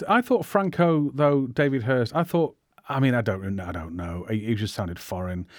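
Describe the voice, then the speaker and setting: A man's voice: mid-range voice, moderate pace, dry recording, clean studio sound. A man hosting a casual film podcast, steering the talk with hesitant asides. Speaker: podcast host.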